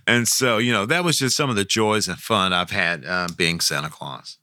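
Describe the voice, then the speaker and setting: A man's voice: low voice, a little slow, no room sound, studio quality. A middle-aged man, telling folksy, rambling stories in an interview. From Arkansas. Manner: folksy, rambling, warm storyteller. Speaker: professional Santa Claus guest. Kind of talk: storytelling interview.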